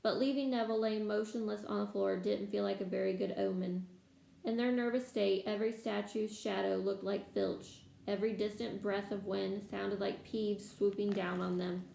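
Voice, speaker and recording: A woman reading a novel aloud to listeners in steady storytelling manner, in an echoey room. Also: medium pitch, moderate pace, gravelly. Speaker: reader. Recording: echoey room, faint background noise.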